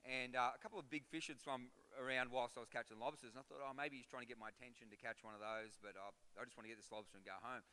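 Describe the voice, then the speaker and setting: Man, guest pastor, sermon, very bright tense voice, smooth and resonant, long church-hall reverb. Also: mid-range voice, fast, few pauses. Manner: animated storytelling, builds to loud rhythmic exhortation. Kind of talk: sermon with storytelling. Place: church auditorium.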